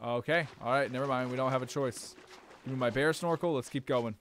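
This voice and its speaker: A young man streaming a game live, swearing and reacting loudly to what happens on screen. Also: mid-range voice, a little fast, slight background noise.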